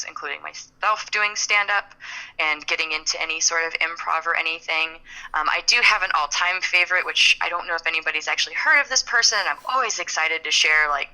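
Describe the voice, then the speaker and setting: A woman's voice: medium pitch, bright, forceful tone, rough recording. A young adult woman co-hosting a casual podcast chat, talking in a rambling way and stammering now and then as she looks for words. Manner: chatty, rambling, stammers when searching for words. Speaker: podcast co-host.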